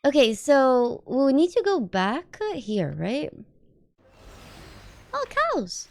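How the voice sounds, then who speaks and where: A woman streaming a video game, chatting casually and excitably, swearing and panicking at mishaps. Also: high voice, takes it slowly. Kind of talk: casual live-stream commentary.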